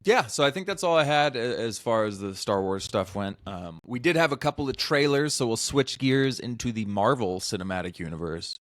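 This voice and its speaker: A man hosting a casual chat podcast, rambling in a relaxed way as he leads the talk. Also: mid-range voice, brisk, few pauses, no echo, clean studio sound. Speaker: podcast host.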